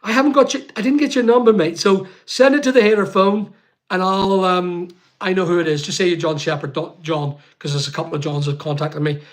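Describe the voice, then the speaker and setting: A man's voice: high voice, fairly even intonation. A man with a Northern Irish accent hosting a live stream, chatting casually to viewers and reading out their comments in a rambling way. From Northern Ireland. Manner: chatty, rapid and rambling, calls people mate. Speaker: livestream host. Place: home studio.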